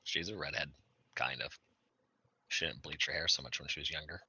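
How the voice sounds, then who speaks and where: A man's voice: extremely low pitch, a little fast, sharp tone, slightly rough, no echo, poor audio. A man playing a tabletop game, stating his character's plans matter-of-factly. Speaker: player. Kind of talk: casual tabletop play.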